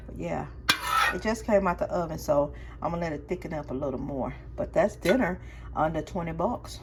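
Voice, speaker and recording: Loud music plays behind a low-voiced woman who speaks briskly, casually talking viewers through each step of her cooking. The regular cooking vlogger is in her home kitchen, with pots and dishes clattering in the background.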